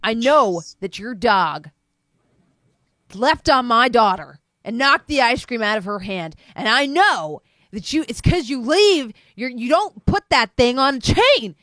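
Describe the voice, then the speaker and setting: A woman puts on a red-faced neighborhood dad bellowing curses over a loose dog. His voice rides high and hot, pushed up from her own, and the sound is dry and close with no room around it. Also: expressive, measured pace, dry recording, exaggerated voice. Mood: furious yelling. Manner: cursing, yelling, accusing. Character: angry shouting middle-aged father, furious neighbor.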